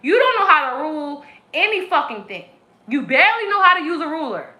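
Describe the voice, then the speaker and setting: On a live stream in an echoey room, a woman tarot reader launches into an aggressive, profane, preachy spiritual rant. Her high voice swings widely in pitch, sounding pushed and bright, and she talks briskly.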